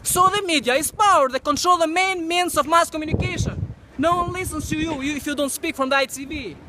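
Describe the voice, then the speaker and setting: Out on a windy street, a high-voiced male protester delivers a fairly quick, repetitive, declamatory rant. The outdoor mic picks up loud gusts of wind throughout his speech.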